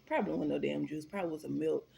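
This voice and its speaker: Animated, swearing woman telling a story. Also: low voice, very fast, gravelly. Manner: animated, profane and emphatic. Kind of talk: storytime vlog.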